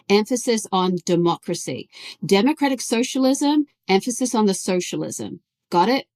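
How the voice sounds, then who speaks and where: A woman guest author explaining her views in an interview, emphatic and quick to correct. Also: on the low side, darkish tone.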